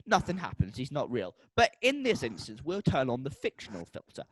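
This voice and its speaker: A man co-hosting a podcast, pitching a made-up product in comic style and making beeping sound effects. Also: huge pitch swings, fairly quick, dry recording. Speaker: podcast co-host.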